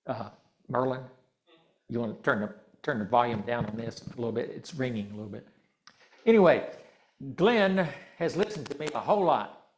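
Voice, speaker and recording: A man's voice: mid-range voice, animated, moderate pace. Male minister, folksy and joking, conversational sermon on a church mic. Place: church hall. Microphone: handheld or stand mic, slightly ringing.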